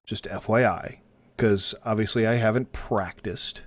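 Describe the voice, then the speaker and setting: A man's voice: on the low side, steady tone, measured pace, no room sound, clean studio sound. A man chatting casually on a live stream while gaming, rambling and joking as he slips in and out of put-on accents.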